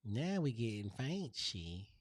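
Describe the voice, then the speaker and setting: A man's voice: medium pitch, big pitch swings, slow pace, no room sound, clean studio sound. A man hosting a casual design tutorial, chatting to viewers in a gushing, playful way. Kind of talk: casual screen-share tutorial.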